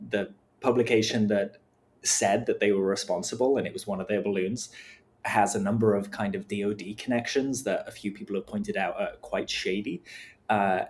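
A man on a podcast panel, chatting casually and animated, acting out little mock quotes. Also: fairly low pitch, slight background noise.

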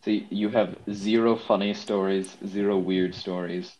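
Young guy, slightly low voice, teasing questions, faint background hiss. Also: steady tone, moderate pace, a little mellow, highs cut off. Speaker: podcast co-host. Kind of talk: casual chat.

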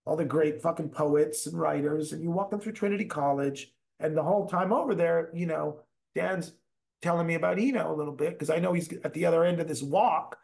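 A man with a high voice trades stories in a relaxed conversation. He talks in loose, animated bursts and swears freely as he rambles through his anecdotes. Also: fairly quick, vocal fry. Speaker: musician guest, bass player. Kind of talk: casual storytelling chat.

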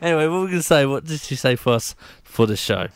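Male radio co-host, lively up-and-down delivery, laughs easily, dry sound. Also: medium pitch, fast, clear, resonant tone, dry recording. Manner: giggly, laughs often. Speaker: radio co-presenter. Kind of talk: casual radio chat.

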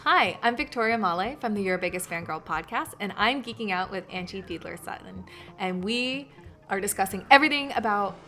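A woman reads a cheerful podcast promo in a bright, sharp voice. She speaks at a medium pitch, with faint music playing beneath her. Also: animated, brisk. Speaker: guest podcast host. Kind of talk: scripted promo.

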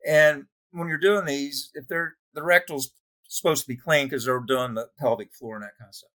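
This man, a nurse by profession, talks at a moderate pace with medium pitch while recounting amusing moments from work. It's casual storytelling, animated and punctuated by his own laughter.

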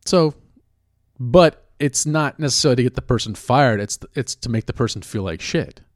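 A man's voice: medium pitch, lively intonation, moderate pace, dry recording, clean studio sound. A man ranting in a casual way, blunt and profane, stopping now and then to question himself. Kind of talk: casual rant.

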